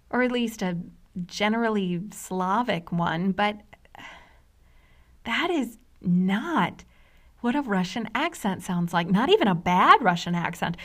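A woman in her forties from the US hosting a scripted explainer podcast, wry and conversational with dry humor. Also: medium pitch. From United States. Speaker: podcast host.

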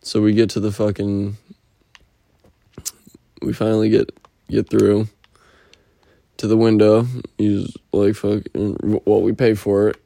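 A man's voice: fairly low pitch, completely flat delivery, unhurried, creaky, pauses often, mellow, no room sound. A man rambling through a casual, profane weekly update, telling stories and slipping into impressions. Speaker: podcast host.

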